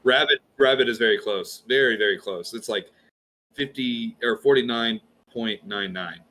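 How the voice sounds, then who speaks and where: A man's voice: mid-range voice, normal speed, pushed and bright. A man from Georgia with a light Southern accent, chatting as a guest and enunciating his words carefully. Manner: storytelling, precise enunciation. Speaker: podcast guest. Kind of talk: casual chat.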